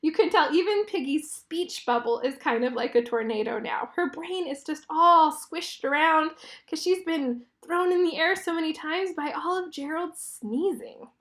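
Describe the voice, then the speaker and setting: A woman's voice: sits high, moderate pace, a bit bright. A woman teacher reading a picture book aloud to children, explaining the pictures and asking them questions.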